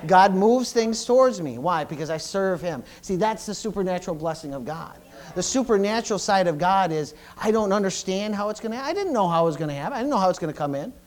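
Halting, fervent preacher man with a higher voice. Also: expressive. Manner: halting, repeats words, swings between loud and soft. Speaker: pastor. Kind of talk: sermon.

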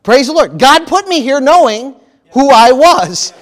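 Pastor guy preaching in church, really high voice, acts out freaking-out people, lively. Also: unhurried. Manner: animated preaching with dramatized panicked voices. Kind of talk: sermon.

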